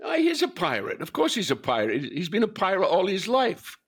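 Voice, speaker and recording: Lively older man telling stories. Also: high-pitched, a little fast, husky. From Scotland. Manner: swears freely, acts out quoted voices. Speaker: actor guest. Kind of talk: animated anecdotal interview.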